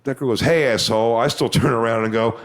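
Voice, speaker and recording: A man doing a stand-up comedy routine, telling a crude story with punchlines that build to shouting. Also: mid-range voice, fairly even intonation, quick pace.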